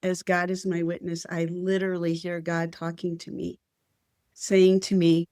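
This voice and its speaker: A woman's voice: fairly low pitch, completely flat delivery, normal speed, dark tone, no room sound, clean studio sound. An older woman telling a personal spiritual story as an interview guest, earnest and heartfelt.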